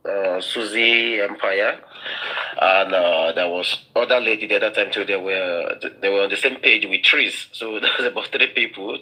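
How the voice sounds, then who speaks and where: A man hosting a casual livestream chat, laughing often and trying to calm the others down. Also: fairly low pitch, slightly rough, poor audio.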